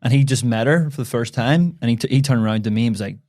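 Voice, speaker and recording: A man's voice: medium pitch, quick pace, darkish tone, no echo. Chatty Northern Irish man, dry sound. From Northern Ireland. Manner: chatty, frequent restarts and "you know". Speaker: podcast guest. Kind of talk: casual interview chat.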